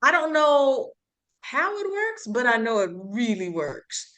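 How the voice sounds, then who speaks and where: A woman chatting loosely on a talk show, laughing easily as she shares tips. Her voice is bright and forceful and sits a little high. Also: slow pace. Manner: relaxed, chatty, laughs often. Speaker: co-host of herbal talk show. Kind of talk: casual chat.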